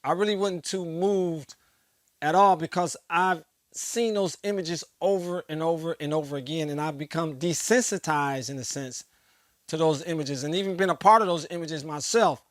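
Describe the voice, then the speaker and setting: A man's voice: fairly high pitch, normal speed, dry recording, studio quality. A man hosting his own show, speaking straight to the viewer in an impassioned monologue with emphatic, preacher-like repetition. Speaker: host.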